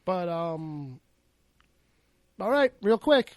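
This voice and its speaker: A man's voice: sits high, drawn-out words, dry recording. A man co-hosting a podcast in a loose, joking chat, acting out what other people said. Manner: animated, jokey, acts out quoted people. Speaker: podcast co-host. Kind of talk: casual chat.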